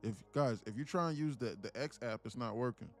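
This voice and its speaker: A man's voice: medium pitch, fairly quick, soft background music. A man hosting a casual livestream, greeting viewers by name, laughing easily and swearing freely. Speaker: livestream host, day trader.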